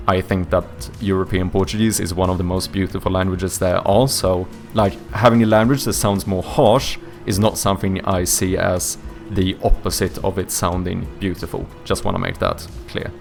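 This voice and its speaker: A young man from Sweden speaks English with a light Swedish accent and a low, gravelly voice. He chats loosely with his stream viewers, wandering through his thoughts, hunting for the right word and swearing in passing. Faint music sits behind him. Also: level tone, moderate pace. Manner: rambling, searches for words, swears casually. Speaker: streamer and indie game developer. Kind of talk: casual live-stream chat with viewers.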